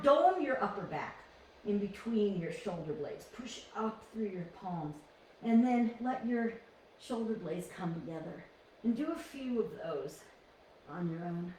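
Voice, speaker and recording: A woman leading a guided yoga class with calm, encouraging cues, often restarting her phrases. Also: medium pitch, a little hiss or hum. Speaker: yoga instructor. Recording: echoey room, distant from mic.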